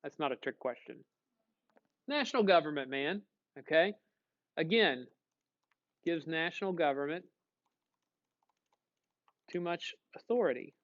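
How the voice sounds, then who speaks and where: A male teacher giving a casual classroom lecture, animated and quizzing the class. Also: fairly high pitch, normal speed, pauses often, lo-fi sound.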